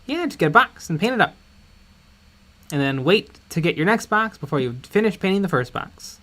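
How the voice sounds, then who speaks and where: A man's voice: sits high, very animated, normal speed, sharp tone. Joking man reading out viewer chat. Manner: joking, reads chat names aloud. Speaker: co-host of a painting stream. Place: home studio while painting.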